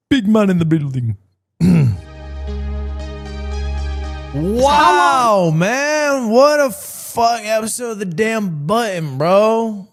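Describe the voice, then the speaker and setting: A young man streaming, giving casual reaction commentary and making joking, sarcastic asides to his chat. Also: a little high.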